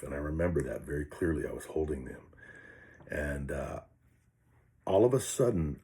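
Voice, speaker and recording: An older man, a retired police officer, recounting a personal experience and reading from his own notes in a halting, earnest way, often restarting and repeating words. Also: very deep voice, expressive, dark tone.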